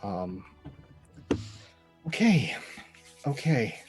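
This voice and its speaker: Slow-talking man playing a tabletop game. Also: mid-range voice, big pitch swings, faint music behind. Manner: slow, hesitant, with fillers. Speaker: player. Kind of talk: tabletop role-play.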